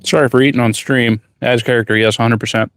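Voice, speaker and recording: A man's voice: medium pitch, steady tone, quick pace, fairly bright tone. A man who is a blacksmith, chatting casually on a livestream from his forge workshop, rambling and reading viewer questions aloud.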